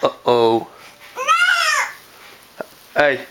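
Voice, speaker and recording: A man's voice: mid-range voice, steady tone, extremely slow. A man filming his small children at home, coaxing them to dance and make animal sounds, laughing often. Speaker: father filming his toddlers. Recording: noisy home video recording.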